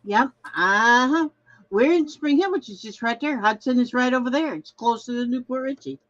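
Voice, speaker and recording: A woman's voice: on the high side, moderate pace, fairly bright tone, no echo, lo-fi sound. An older woman from Minnesota chatting casually as a craft livestream host, reading viewer comments aloud and trailing off mid-sentence.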